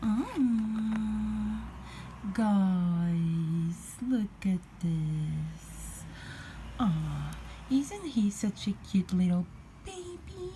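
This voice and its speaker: A young woman gushes excitedly over a new collectible, talking at a very slow, drawn-out pace and now and then sinking into a whisper. She is recorded on a phone, and steady room noise sits clearly behind her voice. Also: mid-range voice. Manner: gushing and excitable, drops into whispers at times. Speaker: vlogger unboxing a collectible figure. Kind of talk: casual unboxing chat. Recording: noisy room ambience behind.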